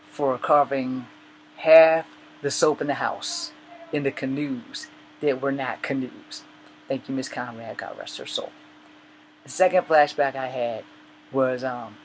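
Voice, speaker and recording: A man vlogging in a rambling, joking monologue, with sudden loud bursts between quieter asides. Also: medium pitch, a little hiss or hum, poor audio. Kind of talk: casual monologue.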